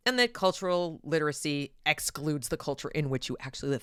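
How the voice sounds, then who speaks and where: A woman hosting an opinion commentary monologue, speaking in an animated, sarcastic way. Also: sits low, fairly quick, hardly any pauses, clean tone, no echo, clean studio sound. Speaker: channel host.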